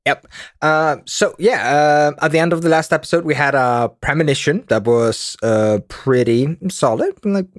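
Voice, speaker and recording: A man's voice: fairly high pitch, moderate pace, no room sound, studio quality. A man hosting a podcast in casual chat, easygoing and a little hesitant, laughing often. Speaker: podcast host.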